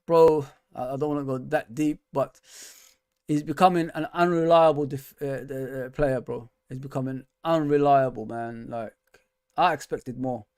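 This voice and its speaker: A man hosts a fan show, venting in frustrated bursts whose pitch climbs sharply when he gets worked up. His talk is casual, full of slang like bro and man, and he often reads out viewer comments. The sound is dry and close, with no room echo. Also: steady tone, normal speed, a little mellow, smooth. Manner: frustrated, exasperated ranting with rising pitch. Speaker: host.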